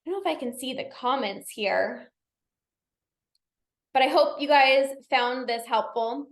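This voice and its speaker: A woman's voice: high-pitched, measured pace, roomy sound. A woman coach and podcast host giving an upbeat, chatty pep talk to her live audience. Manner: upbeat, chatty, encouraging, many "like"s and repeats.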